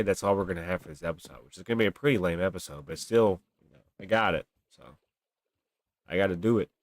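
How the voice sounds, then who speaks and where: A lively young man streams a game with casual live commentary, his voice on the low side. He's animated, talks to chat, grumbles and exaggerates, picked up by a desk mic on a webcam stream.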